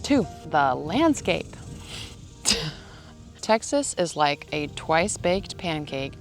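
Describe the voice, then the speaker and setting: A woman's voice: deep voice, very animated, drawn-out words, soft background music. A woman vlogging outdoors in the shade, ranting in a sarcastic, joking way. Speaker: ranch vlogger. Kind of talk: casual vlog monologue.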